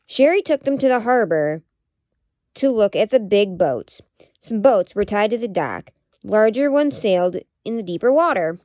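A woman's voice: medium pitch, expressive, normal speed, no room sound, highs cut off. Woman reading a children's story aloud. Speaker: storybook reader.

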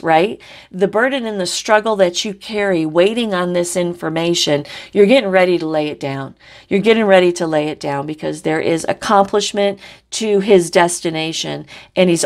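A woman reads tarot cards in an easy, casual monologue, talking bluntly and swearing without hesitation. Her voice sits a little low for a woman, and she keeps checking in with the listener as she goes. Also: normal speed, darkish tone. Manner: blunt, salty, swears freely, keeps asking "right?". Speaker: psychic tarot reader.

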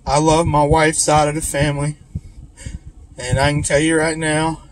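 A man, talking in a halting, emotional, tearful way in a confessional vlog, full of restarts and apologies. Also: a little high, level tone, poor audio. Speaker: vlogger in recovery. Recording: outdoor recording with loud traffic noise.

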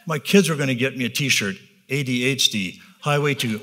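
A man's voice: a little high, lively intonation, pushed and bright. A man, around his fifties, giving a candid, self-deprecating personal talk to an audience, often tagging "right?" and rambling with restarts. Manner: rambling, with restarts and filler pauses. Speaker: business leader giving a talk.

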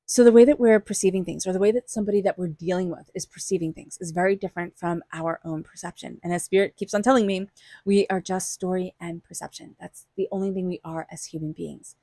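A woman's voice: lowish voice, warm tone, dry recording, clean studio sound. Chatty, reassuring woman tarot reader. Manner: chatty and reassuring, laughs often, talks straight to the viewer. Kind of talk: casual spoken tarot reading.

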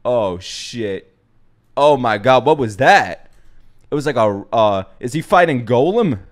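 A young man hosts an anime reaction video, talking casually and cursing freely while bursting into laughter and shouts. He has a medium-pitched voice with lively intonation and takes his time speaking.

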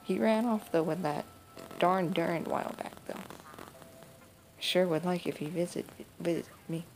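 A woman's voice: on the low side, normal speed, darkish tone, soft background music, natural voice. A woman reading as a folksy old grandmother. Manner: drawling folksy speech, reading game dialogue aloud. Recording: noisy home recording.

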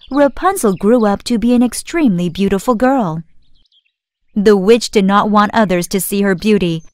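Female storyteller for a children's fairy tale, clear and expressive, measured pace. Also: mid-range voice, no echo. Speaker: narrator. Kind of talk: scripted storybook narration for children.

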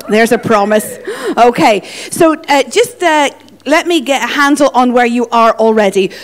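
A woman with an Irish accent, a guest speaker teaching a church audience in a playful, joking way. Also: a little high. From Ireland. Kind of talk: teaching session.

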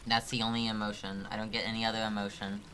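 A man's voice: on the low side, little pitch movement, fast, pushed and bright, a little hiss or hum. A man streaming a game live, thinking aloud, swearing often and laughing through his frustration. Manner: talks to chat, thinking aloud. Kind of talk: live gameplay commentary.

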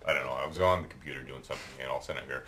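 A man's voice: very deep voice, very fast, noisy background. A middle-aged Canadian man with a Canadian accent, telling a rambling, chatty story while painting at home, tagging his lines with "eh". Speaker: hobby painter and video maker.

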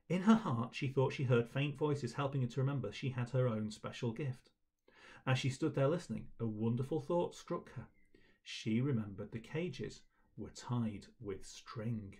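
A man's voice: medium pitch, unhurried, darkish tone. A man leading a school assembly, reading a children's story aloud and encouraging the children afterwards.

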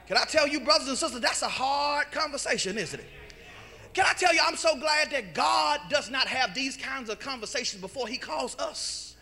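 A male pastor, preaching a sermon in a church and calling out to the congregation, slipping into sung and shouted phrases. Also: very high voice, animated, normal speed, gravelly. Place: church sanctuary.

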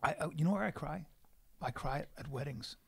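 A man's voice: a little high, a little fast, vocal fry, a bit bright, breathy edge. A man co-hosting a podcast, teasing and laughing often. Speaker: podcast co-host. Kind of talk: casual podcast chat.

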